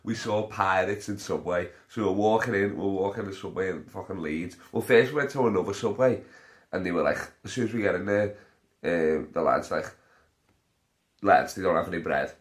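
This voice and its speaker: A man's voice: low-pitched, a little fast. Sweary rambling man telling stories. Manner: rambling, sweary, laughs at own jokes. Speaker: podcast host. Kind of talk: casual storytelling monologue.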